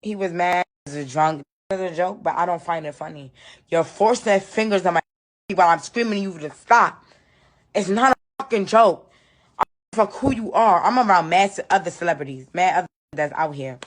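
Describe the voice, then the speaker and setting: A woman tells what happened to her on a live video, upset and insistent, and she keeps repeating her points. Her voice sits somewhat low for a woman. She speaks in a casual, emphatic way. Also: moderate pace. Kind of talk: recounting an ordeal on a live video.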